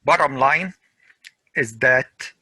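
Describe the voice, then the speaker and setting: A man teaching a weekend school class, drilling word pronunciation slowly and repeating each word to his students. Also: medium pitch, sharp tone, husky, no echo, rough recording. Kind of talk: classroom grammar lesson.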